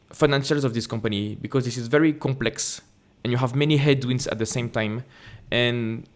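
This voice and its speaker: On his investing channel, a French-accented man from France screen-shares an earnings report and talks through it in a mid-range voice. He stumbles as he reads, fixes his mistakes, and darts into quick asides.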